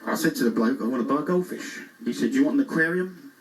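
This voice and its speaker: A fast-talking man from England, his voice a little high with lively intonation and lightly acted, performs a classic comic's routine on a cruise ship stage. Bumbling one-liners and self-mocking asides draw audience laughter in the show lounge, recorded through a distant mic with faint noise.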